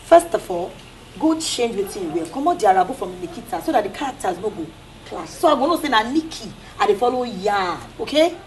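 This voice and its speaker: A woman's voice: medium pitch, fairly quick, a little hiss or hum, close to an everyday voice. An actress playing a scheming young Nigerian woman who chats brashly in Pidgin. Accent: Nigerian, Pidgin-speaking. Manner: brash, lively Pidgin banter.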